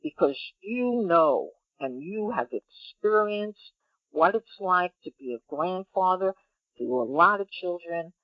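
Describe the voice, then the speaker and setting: A woman's voice: fairly low pitch, animated, slow, dry recording, muffled recording. A woman hosting a podcast interview, effusive as she thanks her guest. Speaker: podcast host.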